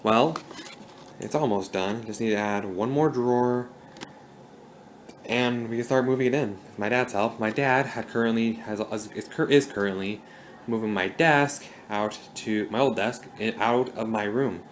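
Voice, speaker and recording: A man's voice: mid-range voice, moderate pace, a little hiss or hum, poor audio. A young man casually vlogging a home project in his bedroom, rambling and often restarting his sentences.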